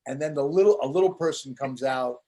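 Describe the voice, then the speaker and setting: A man's voice: medium pitch, a little fast. A man who is a comedian, telling anecdotes as a guest in a casual interview and acting out the voices of the people in them. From United States. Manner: animated storyteller, acts out voices in anecdotes.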